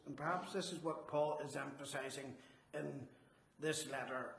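A man's voice: on the high side, steady tone, creaky, a bit bright. Earnest man preaching. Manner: earnest, emphatic, slows for key phrases. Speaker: Salvation Army officer preaching. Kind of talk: sermon. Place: church hall. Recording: echoey church hall.

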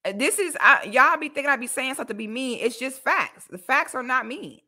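A bright, forceful woman from Florida hosts a casual livestream, talking straight to her viewers. She is blunt and animated, with sudden loud whoops. Her voice sits a little high. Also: a little fast. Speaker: livestream host.

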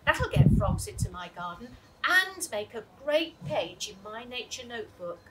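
An eager, excitable little girl, her voice lifting brightly as she chatters about her plans, as a woman reading a storybook puts her on. The recording has clear background hiss and a slightly distant mic. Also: fairly high pitch, unhurried.

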